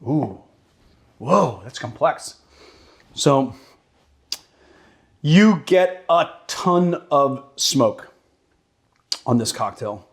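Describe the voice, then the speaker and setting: A man's voice: mid-range voice, expressive, very slow, gravelly, pauses often. A man hosting a cocktail show, chatting casually and joking while he mixes and tastes a drink. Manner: casual and joking, with fillers and curses. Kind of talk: casual cocktail demo and tasting.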